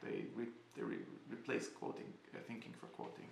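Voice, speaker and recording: A man giving a casual spoken class, halting and often restarting as he searches for words. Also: mid-range voice, steady tone, gravelly, roomy sound, slight background noise. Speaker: teacher.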